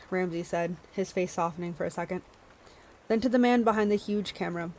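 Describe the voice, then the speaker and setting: A woman's voice: fairly low pitch, brisk, a little mellow, slight background noise, low-quality recording. A woman hosting a book club stream, reading a novel aloud with small stumbles and self-corrections, and chatting to her viewers between passages.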